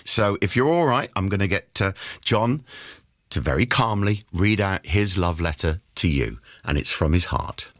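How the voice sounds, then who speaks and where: A man's voice: low-pitched, animated, normal speed, a bit bright, no echo, studio quality. A man hosting a radio show, chatting and teasing his guests with frequent laughs. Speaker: radio host. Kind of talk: casual chat with callers.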